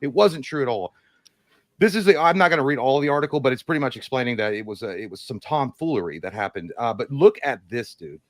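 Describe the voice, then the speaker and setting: A man's voice: mid-range voice, lively intonation, quick pace, no room sound. A man co-hosting a casual movie livestream, rambling and joking, sometimes reading an article aloud over a video call. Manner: rambling, jokey, reads news aloud. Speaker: podcast co-host.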